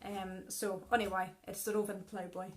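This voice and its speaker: A woman's voice: medium pitch, little pitch movement, moderate pace. A middle-aged Scottish woman, a singer and co-host, chatting casually and rambling to viewers of a live stream.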